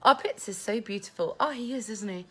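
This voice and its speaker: A woman from England talks fairly quickly in a mid-range, slightly bright voice. Speaking into a phone held in her hand, she hosts a casual live Q&A at home with family, reading viewer comments aloud between bits of chat.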